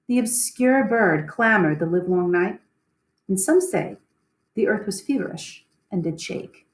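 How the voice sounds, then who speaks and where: A woman's voice: mid-range voice, expressive, reverberant, distant mic. Woman reading a nobleman telling of a storm. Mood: ominous. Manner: measured verse reading. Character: nobleman describing a stormy night.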